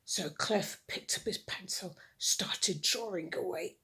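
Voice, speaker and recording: A woman telling a children's story in a hushed, often whispering voice. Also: medium pitch, slow, slightly rough. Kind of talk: reading a story to kids.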